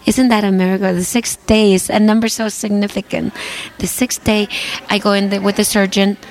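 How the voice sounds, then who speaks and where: A woman's voice: mid-range voice, level tone, fairly quick, a little mellow, a little hiss or hum. A woman guest singer telling an earnest personal faith testimony, repeating phrases for emphasis.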